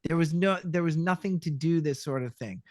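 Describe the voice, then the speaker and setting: A middle-aged man from Canada tells stories from his career in a loose, conversational way. He keeps slipping into quick impressions of the people he quotes. His voice sits fairly high for a man and is recorded dry and close, with no room sound. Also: no room sound. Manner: animated storyteller who acts out voices and quotes. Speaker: guest voice actor. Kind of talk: casual storytelling interview.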